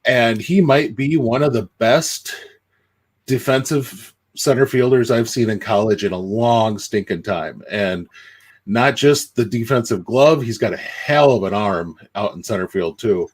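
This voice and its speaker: A man on a casual sports podcast, relaxed and rambling as he analyzes players. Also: medium pitch, unhurried, husky. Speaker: podcast co-host. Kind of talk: casual chat.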